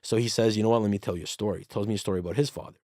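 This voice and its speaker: Animated swearing man telling a story. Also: on the low side, very fast, no room sound, clean studio sound. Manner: animated, swears freely, acts out quoted dialogue. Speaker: podcast guest. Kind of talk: casual storytelling.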